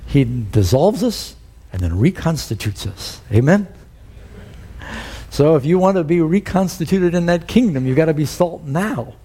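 A man's voice: a little high, expressive, a little slow, dark tone, husky. A man preaching a sermon, telling a story and putting questions to the congregation. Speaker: pastor.

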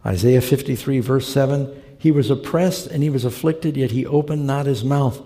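A man's voice: medium pitch, moderate pace, mellow. A man preaching a sermon, telling folksy stories and acting out the people he quotes. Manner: folksy storyteller, acts out quoted characters. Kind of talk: sermon with storytelling. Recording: long reverb of a large hall.

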